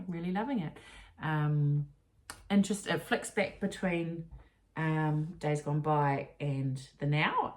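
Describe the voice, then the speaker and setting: A woman's voice: sits low, darkish tone, slight background noise. A New Zealand woman co-hosting a casual crafting podcast, chatty, correcting herself and laughing easily. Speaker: podcast co-host. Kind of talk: casual chat.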